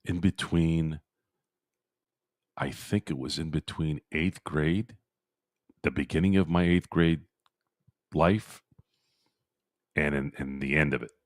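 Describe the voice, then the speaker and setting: Host type: low-pitched man, casual streamer, chatty and repetitive, dry close sound. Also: takes it slowly, pauses often, dry recording. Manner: rambling, repeats himself, talks to chat by name. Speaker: sports podcast host. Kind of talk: casual live-stream chat reading viewer comments. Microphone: streaming microphone.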